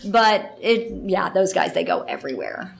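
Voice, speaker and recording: A woman's voice: mid-range voice, animated, moderate pace, gravelly. A woman voice actress telling a rambling story in a casual interview, full of fillers and asides. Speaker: voice actress guest.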